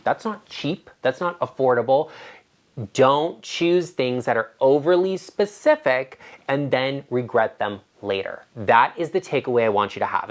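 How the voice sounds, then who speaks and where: Emphatic, opinionated male interior designer. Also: medium pitch. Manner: emphatic and opinionated, animated asides. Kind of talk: casual advice to camera.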